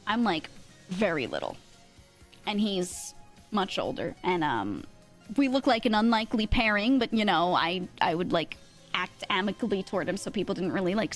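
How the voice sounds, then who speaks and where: A young woman streamer telling a story in casual chat, animated, laughing often and full of fillers. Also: medium pitch.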